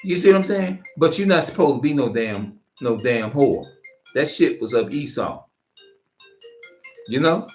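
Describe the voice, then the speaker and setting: A man preaching straight to camera in a loose, informal way, mixing scripture readings with blunt cursing. His pitch swings widely as he hammers his points home, and he often restarts and repeats phrases for emphasis. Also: expressive, a little slow, pauses often, faint music behind. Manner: emphatic, profane, repeats himself. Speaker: street preacher.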